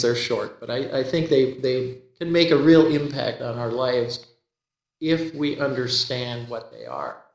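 A man giving a sermon, telling a gentle joke and then teaching, often repeating a word as he begins a sentence. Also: a little high. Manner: folksy joke-telling, repeats words when starting sentences. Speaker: preacher. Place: church. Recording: echoey church from a distance.

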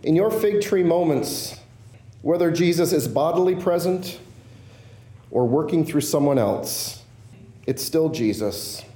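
A male pastor delivering a sermon, slowing and softening his voice on key phrases. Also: on the high side, animated, reverberant.

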